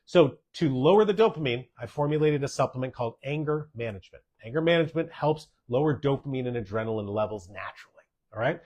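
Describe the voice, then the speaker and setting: Male doctor-host, mid-pitched, chatty Q&A delivery, drives points home by repeating them. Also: expressive, fast talker, darkish tone, highs cut off. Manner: emphatic, repeats key points, tags sentences with "okay?". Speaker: doctor hosting a podcast. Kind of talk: casual podcast Q&A, answering listener questions.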